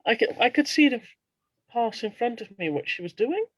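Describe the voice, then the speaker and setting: Husky woman host, dry sound. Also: a little high, lively intonation, normal speed, no echo. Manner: encouraging listener, frequent short affirmations. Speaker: podcast host, life coach. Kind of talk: casual podcast conversation. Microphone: podcast mic, online call.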